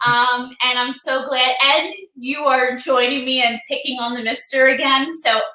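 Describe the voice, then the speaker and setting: High, bright, chatty woman streamer. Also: little pitch movement, moderate pace. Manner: chatty, emotional, greets viewers by name. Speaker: livestream host. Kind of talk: casual live-stream chat. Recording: echoey room.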